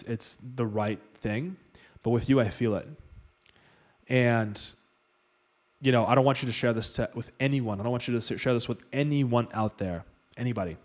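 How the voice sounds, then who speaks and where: A man's voice: mid-range voice, moderate pace, natural voice. A man voicing a grandiose male acupuncturist who talks in a harsh, demanding, condescending way. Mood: solemn. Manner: harsh, demanding, self-important.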